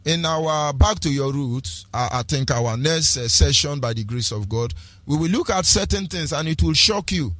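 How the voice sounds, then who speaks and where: A man's voice: a little high, expressive, moderate pace, fairly bright tone, dry recording, faint music behind. A man with a Nigerian accent, delivering an impassioned, preachy political radio talk with repeated rhetorical phrases and lapses into pidgin. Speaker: radio broadcaster.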